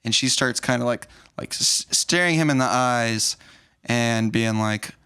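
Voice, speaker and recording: A man's voice: medium pitch, a little slow, smooth. A man hosting a podcast, casually retelling a film scene by scene and acting out the characters' lines. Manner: animated retelling, acts out lines. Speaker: podcast host. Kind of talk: casual movie recap.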